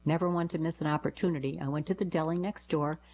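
A woman's voice: low voice, steady tone, fast, darkish tone, slight background noise, poor audio. A woman reading short first-person anecdotes aloud, giving quoted lines a lift in her voice.

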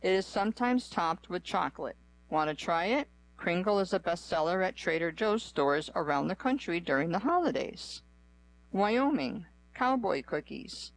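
A reader on a radio reading service, working through a magazine article aloud in an even, measured way with pauses between items. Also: mid-range voice, poor audio.

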